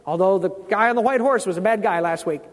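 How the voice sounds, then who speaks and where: A man preaching a sermon, quizzing his congregation with questions and repeating key words slowly for emphasis. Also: high voice, big-room sound.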